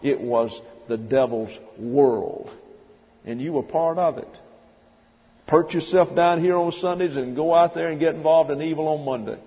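A pastor with a higher-pitched voice, speaking at normal speed, delivers an expository Bible teaching sermon. He is emphatic, drilling through the text word by word and pausing to spell out Greek terms letter by letter. The recording is dull, with long reverb from a church hall.

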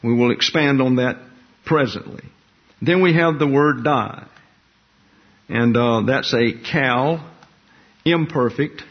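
A man teaching a Bible lesson in a slow, deliberate, explanatory way, repeating key words for emphasis. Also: mid-range voice. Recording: dull lo-fi recording.

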